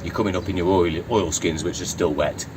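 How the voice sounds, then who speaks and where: A man's voice: deep voice, fairly even intonation, fairly quick. A man from Blackpool with a Lancashire accent, chatting as an interview guest, rambling and swearing freely. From Blackpool, England. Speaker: interview guest, yacht crew. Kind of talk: casual chat. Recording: distant mic with urban background noise.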